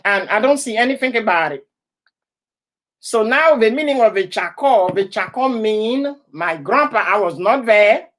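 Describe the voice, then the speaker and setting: A woman's voice: on the high side, lively intonation, moderate pace, a bit bright. A woman from Ivory Coast hosting a casual live stream, often laughing and greeting viewers by name. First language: an Ivorian language.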